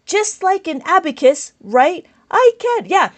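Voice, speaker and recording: A woman teaching an abacus lesson on a live stream, reading out viewer comments, speaking loudly and with enthusiasm. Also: very high voice, big pitch swings, measured pace. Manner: loud, enthusiastic, passionate.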